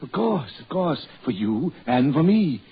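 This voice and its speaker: An actor playing a fussy, rational family doctor in 1940s radio acting, soothing one moment and flustered the next. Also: male voice, on the high side, unhurried. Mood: agitated. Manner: soothing, then flustered and excitable. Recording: dull old radio recording with faint hiss.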